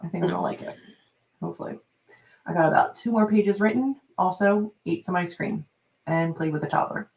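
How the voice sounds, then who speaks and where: A woman's voice: a little fast, gravelly. A woman hosting a writing livestream, chatting casually as she reads out viewers' progress updates. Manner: animated, acts out quoted people with big pitch jumps.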